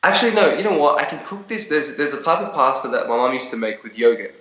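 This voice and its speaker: A man's voice: medium pitch, big pitch swings, quick pace, echoey room, highs cut off, noisy background. A young man being interviewed over a video call, telling stories in a rambling way with many restarts and fillers.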